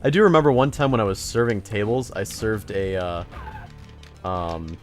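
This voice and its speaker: A man's voice: fairly low pitch, normal speed, faint music behind. A man co-hosting a let's play, chatting casually and telling stories about himself with self-deprecating humor. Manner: laid-back, self-deprecating, chuckling. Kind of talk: casual gameplay chat and storytelling.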